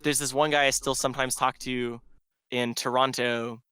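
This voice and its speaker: A man's voice: medium pitch, level tone, normal speed, bright, forceful tone, clear, resonant tone, dry recording, studio quality. A man who is a DJ, telling a long rambling story in casual podcast chat and filling it with "like". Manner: rambling storyteller, heavy "like" filler. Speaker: DJ guest.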